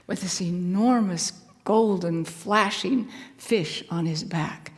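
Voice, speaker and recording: Woman telling a story real slow, hushed and whispery, long echo like a hall. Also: fairly low pitch. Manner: soft, hushed, often whispering, repetitive cadence. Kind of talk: slow spoken-word storytelling.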